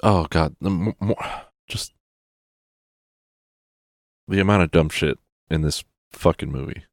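A man's voice: deep voice, unhurried, no echo, studio quality. A man ranting casually about a film, sarcastic and exasperated, swearing often. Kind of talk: profane casual rant.

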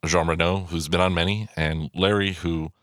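A man's voice: sits low, fairly even intonation, moderate pace, a bit bright, no echo, clean studio sound. A man giving casual, rambling film commentary, swearing freely and full of fillers and restarts.

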